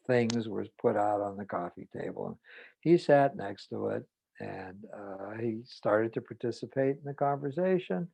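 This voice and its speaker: A man, a psychotherapist, telling a clinical case story in a measured way with hesitant pauses. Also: on the low side, gravelly, a little mellow, breathy edge, dry recording, poor audio. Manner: measured, with hesitant fillers and restarts.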